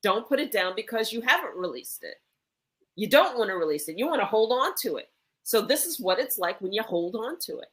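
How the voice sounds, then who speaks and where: A woman who is a medicine woman, telling an animated, emphatic story in a conversation. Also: on the high side, a little fast.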